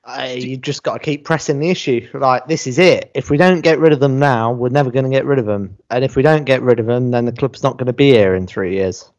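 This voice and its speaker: A man's voice: mid-range voice, a little fast, hardly any pauses, a little mellow, no echo, highs cut off. A man on a football podcast, sarcastic and mocking. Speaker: podcast panelist. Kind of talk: casual football podcast chat.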